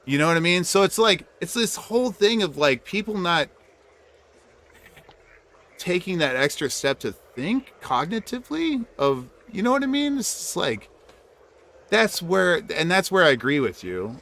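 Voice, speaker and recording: A man's voice: high-pitched, sing-song, normal speed, bright, forceful tone. A man streaming late at night, telling stories in a rambling, profanity-filled way, full of fillers and restarts. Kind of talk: casual late-night chat.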